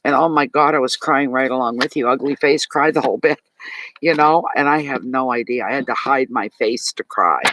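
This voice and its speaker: A man's voice: mid-range voice, fairly quick, sharp tone, no echo, poor audio. A man with a Maritime Canadian accent giving a live tarot reading, talking chattily and animatedly to his viewers and answering chat comments. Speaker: tarot reader.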